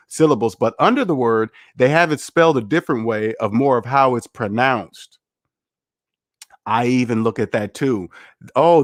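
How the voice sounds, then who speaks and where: A man's voice: mid-range voice, no room sound, studio quality. A man hosting a finance livestream, rambling and candid as he reads the chat aloud and chats casually.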